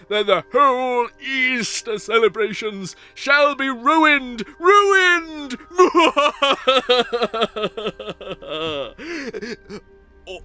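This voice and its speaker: A man's voice: high-pitched, sharp tone, smooth, exaggerated voice. A man doing a grumpy, snarling old villain. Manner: growling, snarling, cackling. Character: mean grumpy old male villain, hates everything. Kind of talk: comic audio story acting.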